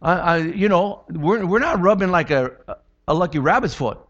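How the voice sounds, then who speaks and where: A man's voice: sits high, animated, normal speed, a bit bright. Man preaching a casual sermon, lo-fi sound. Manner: conversational preaching with jokes and repeated questions. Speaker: pastor. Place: church.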